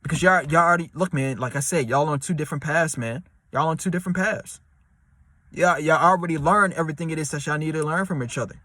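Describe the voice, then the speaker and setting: A man with a high, bright voice talks, rambling and repeating himself as he hands out relationship advice. His speech is loose and full of slang. It sounds dry and close, with no room echo. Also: fast talker. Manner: slangy, repetitive, street-talk delivery; acts out quoted voices in a high pitch. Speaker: advice vlogger. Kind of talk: casual advice monologue.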